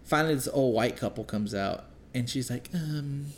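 A man's voice: mid-range voice, normal speed, a little hiss or hum. A man telling a story in casual chat, cursing freely and repeating words as he gets worked up. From Texas. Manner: profane, animated storyteller, repeats words when excited.

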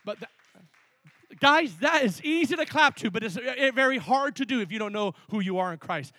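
Man preaching a sermon, very high voice, energetic bursts, quick asides, dry close sound. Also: no echo. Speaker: pastor.

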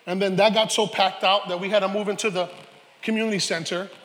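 A man preaching a sermon, animated, with joking asides and shouted peaks. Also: high voice, fast. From New York, Harlem. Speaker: pastor. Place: church sanctuary. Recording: reverberant church hall.

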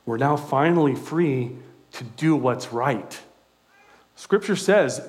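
A man preaching a sermon in a conversational, animated way, with self-deprecating asides. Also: mid-range voice, slow.

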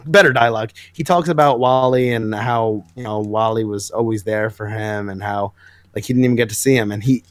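A man's voice: lowish voice, a little fast, no echo. A man co-hosting a casual comic book podcast, recapping scenes with enthusiasm and acting out the lines. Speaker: podcast co-host.

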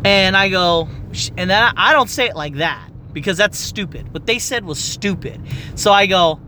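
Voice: medium pitch, lively intonation, normal speed, sharp tone, slight background noise. A young adult medical office worker ranting in a heated, profane, exasperated monologue.

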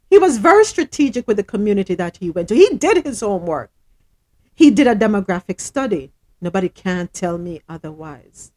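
A woman's voice: medium pitch, lively intonation, moderate pace, a little mellow. A woman host, speaking emphatically and repeating her points in a heated discussion. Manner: emphatic, repetitive, indignant.

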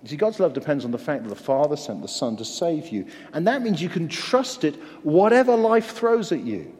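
A man's voice: fairly high pitch, a little mellow. An English man preaching a sermon, earnest and conversational, with self-deprecating humor. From England. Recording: long hall reverb.

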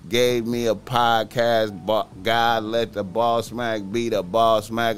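A man's voice: lowish voice, little pitch movement, takes it slowly, few pauses. A man talking casually on his solo podcast, profane and boastful, naming himself in the third person.

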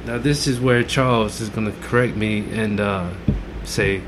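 A man's voice: on the low side, fairly even intonation, moderate pace, background noise. A man on a podcast in casual chat, hedging his points and repeating himself. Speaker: podcast co-host.

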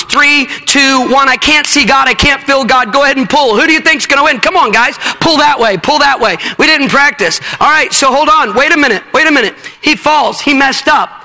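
A fervent male preacher with a strikingly high, bright, forceful voice leads a sermon and a demonstration on stage. His words ring out with a long reverb across a large hall. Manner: fervent, directs helpers on stage.

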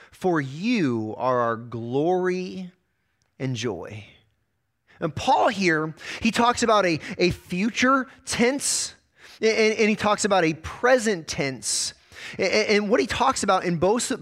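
Male pastor mid-sermon, slightly high voice with a lively, swinging delivery, restarts his words often. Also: measured pace. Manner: animated preaching with frequent word repeats.

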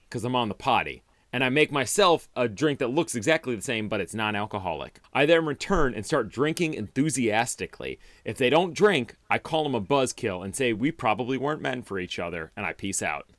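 A man co-hosting a podcast, telling game scenarios in an animated way and teasing his partner. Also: medium pitch, dry recording. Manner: animated storyteller, wry teasing. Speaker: podcast co-host. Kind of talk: casual chat about tabletop game scenarios.

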